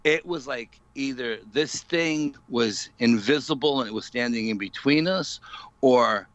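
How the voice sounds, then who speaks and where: A man's voice: medium pitch, measured pace, a bit bright, no room sound, highs cut off. A man, a paranormal investigator, telling a story in an interview with lots of fillers, acting out what people said. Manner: vivid storyteller, many fillers, acts out quotes.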